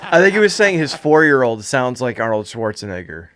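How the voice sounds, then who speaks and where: A man's voice: mid-range voice, big pitch swings, brisk, a crowd in the background. A man on a live-stream podcast, briefly chiming in and reading out chat comments.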